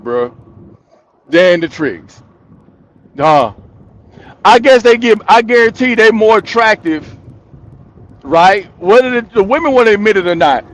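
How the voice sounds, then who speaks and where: A man with a high-pitched voice hosts his own channel, offering casual opinion commentary directly to viewers. He goes slowly, repeating each point to drive it home and laughing between thoughts.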